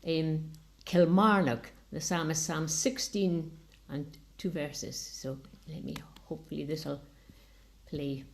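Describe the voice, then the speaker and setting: Lower-voiced Scottish Highland woman lecturing. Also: fairly even intonation, creaky. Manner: measured and explanatory, with small restarts. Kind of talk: online academic talk. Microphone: video call.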